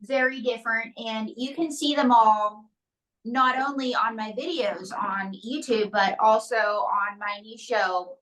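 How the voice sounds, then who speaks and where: Bright-voiced woman telling jokey stories. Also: on the high side, recorded from a distance, rough recording. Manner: quick jokey storytelling. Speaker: ventriloquist guest. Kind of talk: comedic interview chat.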